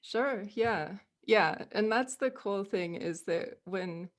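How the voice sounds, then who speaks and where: A woman's voice: medium pitch, takes it slowly. An American woman presenting an online music workshop on a video call, friendly and laughing often as she counts rhythms aloud. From United States.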